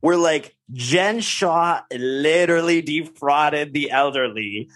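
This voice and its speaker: A man co-hosting a podcast, talking in an excitable, chatty way and laughing often. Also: a little high, slow pace. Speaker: podcast co-host. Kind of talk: casual chat.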